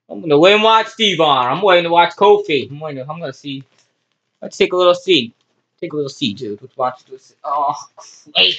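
Young man, excitable game play voice-over; yelps and groans, lively swings in pitch, dull home recording. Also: normal speed, slight background noise. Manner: yelps, groans and shouts reacting to the action. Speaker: video creator voicing game wrestlers.

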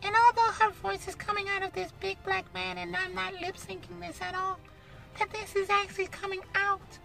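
A man's voice: little pitch movement, moderate pace, gravelly, music in the background. A man doing a sweet little cartoon girl. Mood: sweet, chatty. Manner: high girlish squeak. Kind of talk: cartoon voice acting.

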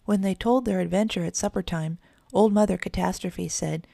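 Woman narrator, children's audiobook, low gravelly voice, dry close mic. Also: warm tone, no room sound. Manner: measured storytelling.

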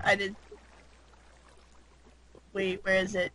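A woman chatting in a casual game session, giggly and quick with exclamations. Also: mid-range voice, completely flat delivery, pushed and bright, a little hiss or hum, poor audio. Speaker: gaming guest. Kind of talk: casual gaming banter.

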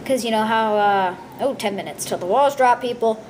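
A high-pitched woman chatting her way through a block-building game, rambling and goofy with lots of ums. A faint hum of noise sits under her voice. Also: normal speed, few pauses, a little mellow. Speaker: gameplay video maker. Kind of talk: casual gameplay commentary.

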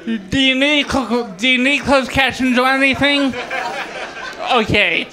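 A man's voice: extremely high pitch, unhurried. A man doing a stand-up comedy set at an open mic, who talks with a speech impediment and jokes about it with the crowd. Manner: self-deprecating, joking with the crowd. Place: bar stage with live audience.

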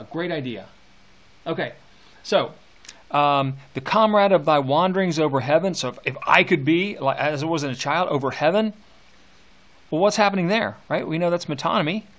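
A man's voice: a little high, a bit bright. A male teacher lecturing on poetry with enthusiasm, reading verse aloud with relish.

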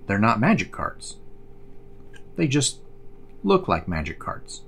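A man talks through his collectible cards in a relaxed explainer video. He rambles a bit, with fillers and restarts. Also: fairly low pitch, slow, vocal fry, slightly rough. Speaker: card collector host.

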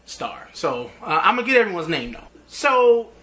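A man's voice: sits high, normal speed. A man reviewing a TV drama episode in a casual recap, acting out characters' lines as he goes. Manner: animated, acts out characters' lines mid-recap. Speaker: TV show reviewer.

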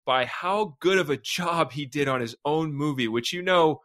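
Eager jokey guy on a podcast, bright punchy voice, trips over his words. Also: a little high, moderate pace. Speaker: podcast guest. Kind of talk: casual discussion.

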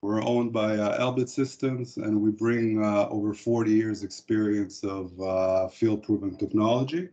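Guy hosting a product webinar, kinda lowish mellow voice, lots of pauses, muffled web call sound. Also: fairly even intonation. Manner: halting, frequent hesitations. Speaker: webinar presenter. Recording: dull lo-fi webinar audio.

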